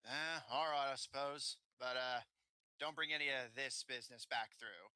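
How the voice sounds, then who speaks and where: A man's voice: mid-range voice, moderate pace, sharp tone, clean tone, dry recording. A man voicing a big, mocking male bandit leader who taunts and threatens casually in a tabletop game. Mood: dismissive.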